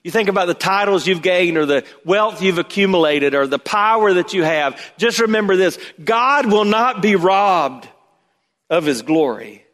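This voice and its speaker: A man delivers a sermon as pastor, his voice sitting a little high for a man. He swings dramatically between loud, emphatic bursts and hushed, low asides. The sound rings out with long reverb, as in a large church sanctuary. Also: expressive, moderate pace.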